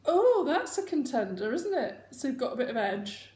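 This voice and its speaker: Woman host, chatty and rambling, pitched a bit high, in an echoey room at home. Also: very animated, moderate pace, darkish tone. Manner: chatty, rambling, self-mocking. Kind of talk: casual chat.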